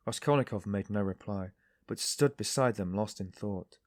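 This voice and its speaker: Male narrator, measured reading, deep-ish tone. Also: steady tone, a little mellow, dry recording, clean studio sound. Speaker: audiobook narrator. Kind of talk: scripted narration.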